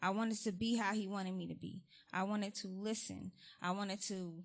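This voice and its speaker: A woman's voice: medium pitch, fairly even intonation, moderate pace, vocal fry. Woman guest preacher, mid-range voice, casual testimony-style sermon in a church, talks candidly with lots of ums. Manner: candid and conversational, frequent ums and likes; reads scripture aloud with rising emphasis. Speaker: guest speaker. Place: church sanctuary.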